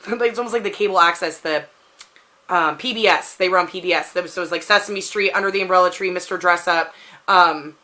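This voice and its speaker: A woman's voice: lowish voice, brisk, bright, forceful tone. A woman in her thirties with a Pacific Northwest American accent, rambling casually through a question tag with lots of "like" fillers. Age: 30s. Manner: rambling, chatty, frequent "like" fillers. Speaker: vlogger answering a question tag. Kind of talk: casual chat.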